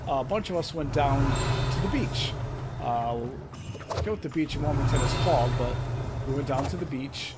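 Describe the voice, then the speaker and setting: A man's voice: medium pitch, normal speed, very noisy. A middle-aged man from Connecticut with a New Haven accent, chatting casually and telling rambling stories while streaming a game. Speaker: gaming streamer. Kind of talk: casual chat while playing. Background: loud game music.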